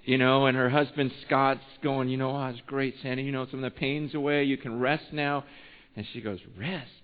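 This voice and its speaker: Tinny-sounding pastor preaching a story sermon. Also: male voice, mid-range voice, flat delivery, fairly quick, big-room sound. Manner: storytelling, swinging from hushed to fired-up.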